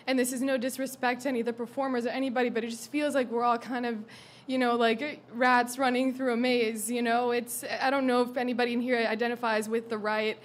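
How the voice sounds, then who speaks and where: Young woman, open mic, raw frustrated rant, a bit high-pitched, heavy swearing. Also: flat delivery, quick pace. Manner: frustrated, rambling, swearing, flaring into shouts. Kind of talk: spoken monologue at an open mic.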